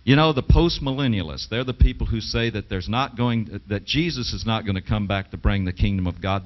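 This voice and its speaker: A man's voice: medium pitch, expressive, fairly quick, few pauses. Man preaching emphatically, dull lo-fi tape. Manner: emphatic, asks the audience rhetorical questions. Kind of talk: sermon with scripture reading. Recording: dull lo-fi 1980s television broadcast.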